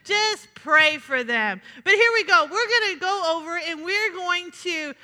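A woman pastor delivers a sermon with a very high, bright, ringing voice. She preaches in a lively, chatty way and keeps turning aside to talk with her congregation. The sound carries a long reverb from the church sanctuary. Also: measured pace.

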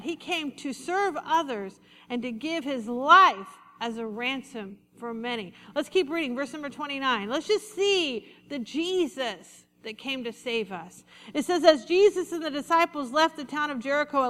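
A woman pastor preaching a sermon, leading the congregation in call-and-response and slowing down for emphasis. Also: high voice, animated, a bit bright. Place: church sanctuary. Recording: reverberant hall.

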